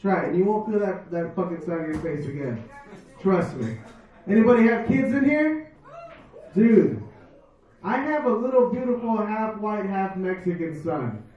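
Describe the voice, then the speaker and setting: A man works the crowd from a bar stage, loud, cursing freely and talking in a high register. The sound is picked up from far off and rings around an echoey room. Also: lo-fi sound. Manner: brash, profane crowd work. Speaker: stand-up comedian. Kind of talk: live stand-up set.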